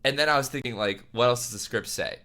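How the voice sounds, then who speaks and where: A man who writes musicals talking casually and excitedly through a reaction to a stage show, gushing and rambling. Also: mid-range voice, fast talker, heavy background noise.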